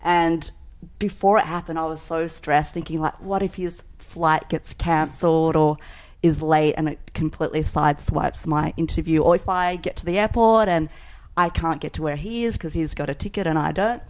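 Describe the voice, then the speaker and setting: A woman, a food writer, chatting on a podcast and telling a rambling story, quick to laugh and full of "like". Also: low-pitched, steady tone.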